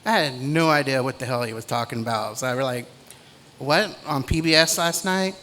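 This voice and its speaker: A middle-aged man giving a commencement speech in a measured, deliberate way, with pauses between phrases. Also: medium pitch, sharp tone. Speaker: commencement speaker.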